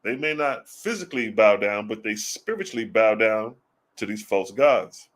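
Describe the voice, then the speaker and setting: A man giving casual religious commentary, blunt and profane, firing off rhetorical questions and slowing down to read scripture aloud. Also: fairly low pitch, lively intonation. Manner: reads scripture slowly and deliberately.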